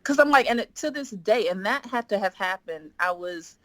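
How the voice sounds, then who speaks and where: A woman guest on a podcast telling a story in animated chat, often acting out what she and others said. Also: medium pitch, normal speed, no room sound. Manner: lively, quotes herself and others in acted voices, frequent "like".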